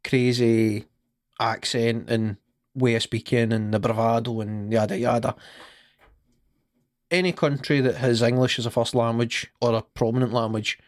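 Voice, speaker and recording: A Scottish man with a voice of ordinary middle pitch, chatting on a podcast. He rambles through stories, swears freely and laughs at his own jokes. The sound is dry and close, with almost no room around it. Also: steady tone, normal speed, no echo. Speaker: podcast co-host. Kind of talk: casual podcast chat.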